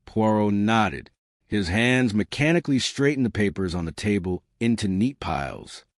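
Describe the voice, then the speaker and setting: A man narrating a classic mystery audiobook in an expressive storytelling manner, close to the mic. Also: lowish voice, moderate pace, no echo. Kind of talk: scripted narration.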